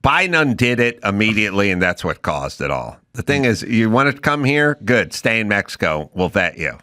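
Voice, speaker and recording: A male podcast host rants in loose, profane banter. His bright, cutting voice leaps around a lot in pitch as he tells stories. He sounds animated and brash. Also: normal speed, no echo, studio quality. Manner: profane, ranting, animated storytelling. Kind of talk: casual talk-show banter.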